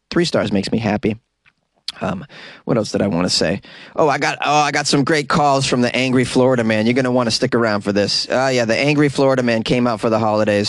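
A man hosts his comedy podcast from a tiny closet studio, talking off the cuff and joking. His voice leaps up high when he hits a punchline. The sound is dry and close, with no room around it. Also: no room sound. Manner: jokey, animated, voice often jumps high for punchlines. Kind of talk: casual improvised monologue.

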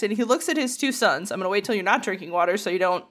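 A woman's voice: mid-range voice, fast talker. A woman co-hosting a casual podcast, telling anecdotes animatedly and acting out the people in them. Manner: animated storyteller, acts out voices in anecdotes, swears. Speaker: podcast co-host.

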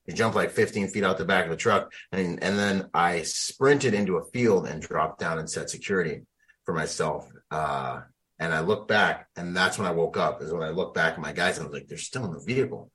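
Deep-voiced man telling a war story. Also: fairly quick. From United States. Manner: animated, slangy, laughs often. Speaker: guest, Marine veteran. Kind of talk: conversational storytelling.

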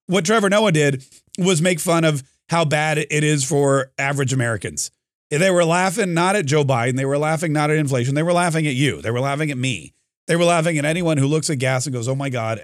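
A man's voice: a little high, no room sound, clean studio sound. A man hosting a commentary podcast, talking in a rambling, sarcastic way with many fillers and restarts. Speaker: podcast host. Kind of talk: casual commentary monologue.

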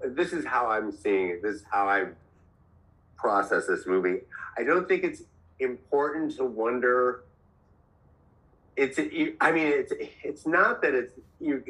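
A man's voice: medium pitch, bright, forceful tone, low-quality recording. A man guesting on a podcast in casual chat, talking emphatically with circling restarts.

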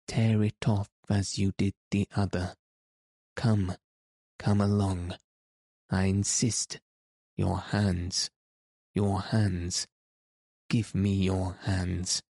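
A man's voice: sits low, little pitch movement, very slow, long pauses, dark tone, dry recording, studio quality, full character voice. A man voicing a masked phantom, tormented and menacing, with a brooding, pleading manner in an audiobook reading.

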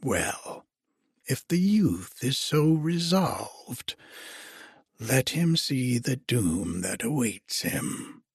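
A man's voice: medium pitch, very animated, drawn-out words, gravelly, breathy edge, no room sound, exaggerated voice. Cruel old storybook witch, hissing and menacing, dry close sound; a man reads her.

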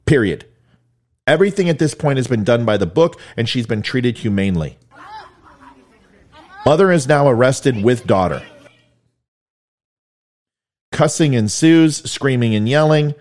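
A man's voice: mid-range voice, lively intonation, normal speed, a little mellow. A man giving blunt, emphatic video commentary, explaining events step by step. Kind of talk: video commentary on police footage.

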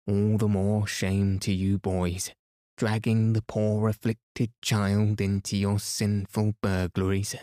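Man voicing gruff older workman, scolding, rough dialect, slow, low. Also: flat delivery, mellow, no room sound, clean studio sound.

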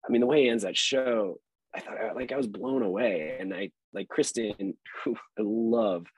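A man's voice: medium pitch, animated, moderate pace, gravelly, breathy edge, dry recording, poor audio. A man, an actor guest on a podcast, talking in a loose, rambling way with fillers and laughs. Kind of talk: casual interview chat.

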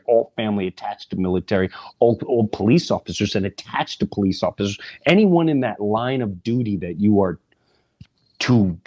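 Husky, animated male storyteller. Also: on the low side. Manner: animated storyteller, drops to whispers and acts out voices. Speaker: podcast host. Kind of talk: storytelling monologue.

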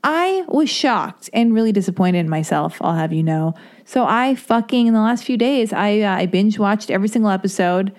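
Chatty, mellow-voiced woman podcast host. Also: medium pitch, animated, normal speed. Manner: chatty and rambling, heavy on fillers, self-mocking. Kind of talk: casual solo podcast intro.

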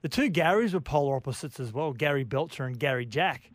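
A man's voice: on the high side, animated, fairly quick, dry recording, studio quality. A man co-hosting, chiming in with short friendly remarks. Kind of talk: casual chat.

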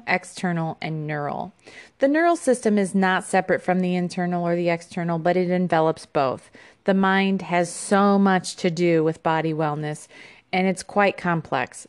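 A woman's voice: lowish voice, a little mellow. A woman hosting a podcast about an herb, reading an informational segment with small fillers and restarts. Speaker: podcast host.

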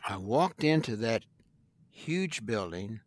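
An older man from Missouri, a guest attorney, telling stories in a folksy, unhurried way in an interview. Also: fairly low pitch, big pitch swings, no room sound. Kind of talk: storytelling in an interview.

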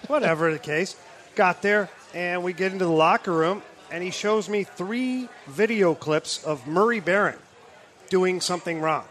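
A man's voice: high voice, normal speed, a bit bright. A middle-aged man, a former hockey player, telling a story in casual chat, laughing, swearing and acting out quotes. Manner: laughing, profane, acts out quotes.

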